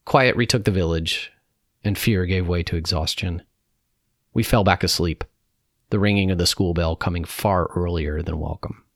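A man reading a personal reflection aloud in a calm, measured way. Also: deep voice, creaky, no room sound, clean studio sound. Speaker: narrator.

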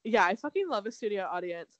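A young woman from Southern California co-hosting a podcast, recapping a show in quick, animated casual chat and swearing freely. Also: mid-range voice, no room sound, dull audio. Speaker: podcast co-host.

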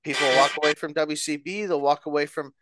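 A man's voice: fairly high pitch, steady tone, fast talker, noisy background. A man on a podcast roundtable explaining his idea in a rambling, explanatory way. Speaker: roundtable guest. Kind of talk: podcast discussion.

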